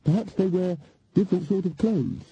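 A man's voice: high-pitched, moderate pace, warm tone, slightly rough, highs cut off, voice pushed up. A man voicing an earnest, somewhat gloomy young woman witch with a plaintive manner, read as an audiobook character.

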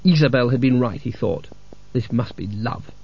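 A man narrating a comic fantasy novel as an audiobook in a dry, measured storytelling manner. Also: mid-range voice, expressive, creaky, darkish tone. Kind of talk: scripted narration. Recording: dull lo-fi audiobook recording.

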